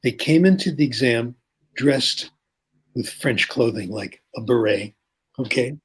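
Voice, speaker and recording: Here a linguistics professor, an older man, walks through ideas and tells anecdotes during an interview, regularly checking in with a short "okay?". The voice is mid-range with a breathy edge.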